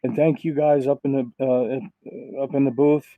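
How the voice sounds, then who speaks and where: A man's voice: medium pitch, level tone, unhurried, no room sound, phone-quality sound. A man, a sim racing driver recovering from illness, giving heartfelt, rambling thank-yous over voice chat.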